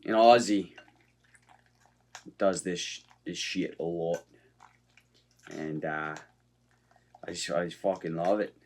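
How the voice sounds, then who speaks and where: A man's voice: deep voice, flat delivery, measured pace, pauses often. A man vlogging in a casual, upbeat way, talking straight to his viewers. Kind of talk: casual vlog chat.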